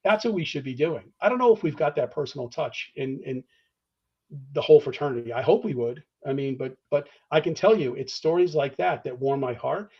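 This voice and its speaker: A man with a fairly high, expressive voice speaks briskly with a breathy edge, and the audio sounds dull. He's a podcast guest talking about fraternity membership, answering in an earnest, conversational way. He restarts phrases often, acts out phone calls, and checks in with "all right?" as he makes his points.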